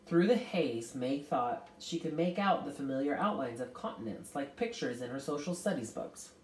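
A woman's voice: extremely low pitch, lively intonation, moderate pace, hardly any pauses. A woman reading a novel aloud, narrating expressively with occasional slips. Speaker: reader. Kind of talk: audiobook narration. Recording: roomy, distant mic.

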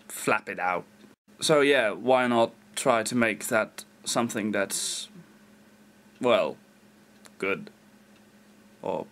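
A man's voice: medium pitch, a bit bright. A young Dutch man, a non-native English speaker, rambling self-mockingly in a casual vlog. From Netherlands. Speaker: vlogger.

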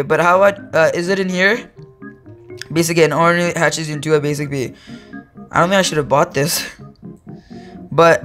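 With a bright voice on the high side, this teenage boy gives loose commentary as he plays games for his YouTube channel. He rambles, keeps correcting himself, and is easily amused.

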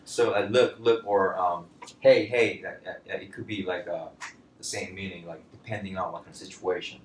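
Relaxed male teacher in a roomy space. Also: low voice, fairly quick, recorded from a distance. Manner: loose and chatty, many fillers, animated when quoting phrases. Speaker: Korean language teacher. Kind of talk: casual classroom lesson. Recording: roomy, from off-mic, faint background noise.

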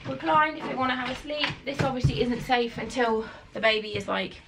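A woman's voice: a little high, fairly even intonation, brisk, gravelly, a bit bright, slight background noise. A young woman and mum chatting frankly in a home vlog, casual, sometimes swearing and a little out of breath. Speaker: vlogger and mum. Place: family house indoors.

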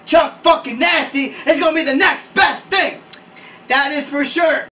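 Casting: a man as a very high, bright, shouty hype man, recorded far from a hissy mic. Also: normal speed, exaggerated voice. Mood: hyped. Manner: shouty, excitable, slangy. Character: loud hyped-up male wrestling hype man. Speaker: wrestling staff character. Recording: distant mic with hiss.

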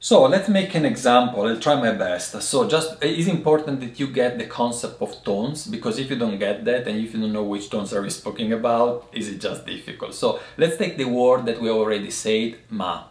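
A man hosting a language lesson, explaining thoughtfully and pausing to find his words. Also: mid-range voice, echoey room. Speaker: host teaching Chinese tea words.

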